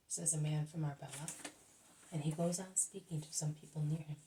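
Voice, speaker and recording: A woman reads a religious book aloud at a steady, measured pace. Her voice is low and mellow. The mic sits some distance away. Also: creaky. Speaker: reader.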